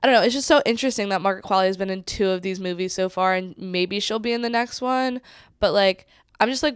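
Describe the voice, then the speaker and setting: Woman in her twenties, podcast co-host, smooth, dry close sound. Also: mid-range voice, brisk, no echo. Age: 20s. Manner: blunt, jokingly harsh movie critic. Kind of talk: casual chat.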